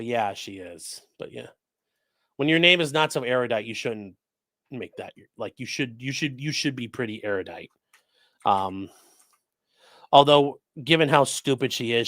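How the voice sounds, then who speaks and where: On a casual live stream, a man gives legal commentary, reading chat messages aloud and swearing freely and bluntly; he breaks off now and then to coax his dogs in a sing-song voice. His voice is medium-pitched and fairly bright, with a dry, studio-quality recording.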